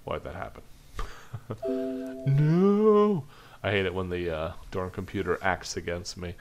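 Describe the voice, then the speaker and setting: Deep-voiced male animation teacher, loose and chatty, narrating as he draws. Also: little pitch movement, a little fast, music in the background. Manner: loose, chatty, thinking aloud while drawing. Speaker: animation instructor. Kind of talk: live drawing demonstration lesson.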